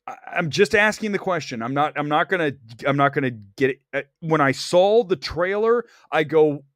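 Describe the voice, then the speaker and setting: A man hosting a movie talk show, delivering blunt, opinionated box office commentary and climbing high in pitch when he gets worked up. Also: lively intonation, normal speed, few pauses, a bit bright, no room sound, studio quality. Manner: blunt, opinionated, straight-talking. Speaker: host.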